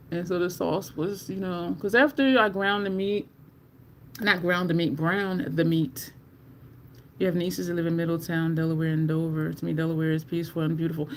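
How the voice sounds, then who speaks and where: An animated, talkative livestream host chats casually with viewers at home. The voice sits at a mid pitch, and a faint hiss runs underneath. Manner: chatty and animated, addresses viewers as y'all. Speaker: livestream host reviewing makeup.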